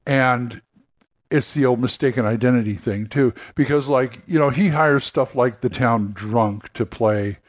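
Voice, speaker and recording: A man's voice: mid-range voice, measured pace. Rambling man thinking aloud on a podcast. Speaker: podcast host. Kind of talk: casual solo podcast monologue.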